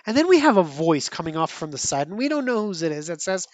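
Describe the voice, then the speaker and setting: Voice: mid-range voice, very animated, quick pace, no echo. A podcast host in their thirties or older giving casual, rambling commentary on a comic book. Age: 30s or older. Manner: chatty, rambling, frequent restarts and laughs.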